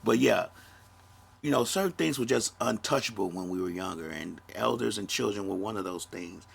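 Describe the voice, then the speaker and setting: A man's voice: fairly low pitch, expressive, normal speed, creaky, breathy edge. A man, hosting a solo podcast and talking candidly and reflectively, with a dry throat and moments where he grows emotional. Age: 50s. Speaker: podcast host.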